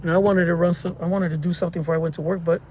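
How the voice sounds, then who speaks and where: A man's voice: fairly high pitch, flat delivery, racing, darkish tone. A man vlogging from his car in traffic, rambling and venting at his viewers, recorded on a phone on a dash mount. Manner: rambling, frustrated, talks to viewers as guys. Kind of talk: casual driving vlog. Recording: car interior with faint road hum.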